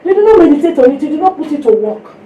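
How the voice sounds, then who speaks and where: A Nigerian woman preaches at a women's fellowship in a high, sing-song, rapid-fire voice, telling stories with sound effects, using Yoruba phrases and exhorting listeners directly. The phone-quality recording is echoey, with a distant mic and faint noise.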